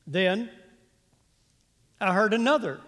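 Male pastor, animated comic storyteller, very high voice, big church-hall reverb. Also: takes it slowly. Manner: animated, comic timing, stretches words for effect. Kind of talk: humorous storytelling sermon. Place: church sanctuary.

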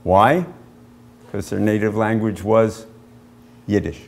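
A man, an author, giving an illustrated history lecture with measured storytelling and frequent pauses as he points to slides. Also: fairly low pitch, steady tone, vocal fry, a little mellow. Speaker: author giving a book talk.

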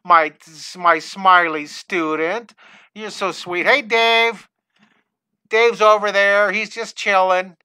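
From his home studio, an older drawing teacher greets viewers by name during a live online lesson, sounding excitable and scattered as he talks into a headset mic. His voice is high-pitched and slow, and the sound is smooth with no echo.

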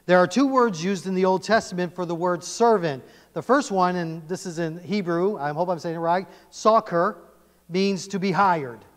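Animated preacher with a slightly high voice. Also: male voice, normal speed. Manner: animated, emphatic, quizzes the congregation. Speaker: pastor. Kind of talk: sermon. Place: church sanctuary. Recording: long church reverb.

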